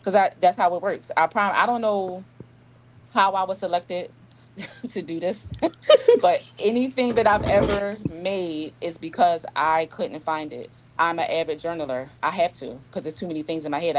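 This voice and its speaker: A woman author, chatting in a casual interview. Her voice sits on the low side, and she tells stories with lots of energy, acting out the other people's lines. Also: moderate pace, poor audio. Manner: animated storyteller, acts out dialogue. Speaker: author guest.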